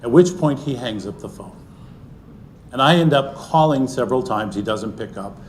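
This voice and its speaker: A man's voice: medium pitch, animated, normal speed, slight background noise. Earnest man telling a personal story. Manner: earnest, often sinking to a soft, hushed delivery. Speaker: speaker sharing a personal story. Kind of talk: personal storytelling talk to an audience.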